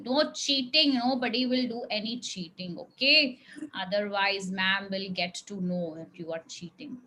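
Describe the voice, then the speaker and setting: A woman's voice: mid-range voice, expressive, normal speed, pushed and bright, rough recording. A woman teacher, leading young children through a spelling lesson in a patient, coaxing way. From India. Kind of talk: classroom phonics lesson with children.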